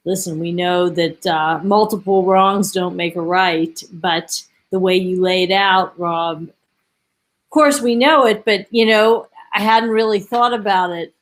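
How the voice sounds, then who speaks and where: A woman's voice: lowish voice, fairly even intonation, rough recording. A woman joining a political talk show as a guest, speaking earnestly and correcting herself as she goes. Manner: earnest, quick, self-correcting. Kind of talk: casual panel discussion.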